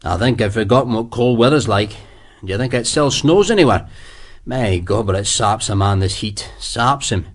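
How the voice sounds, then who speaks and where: A man's voice: fairly low pitch, lively intonation. A man playing a hearty old army general. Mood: weary. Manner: brisk, soothing, hearty. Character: genial older male army general. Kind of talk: audiobook character voice.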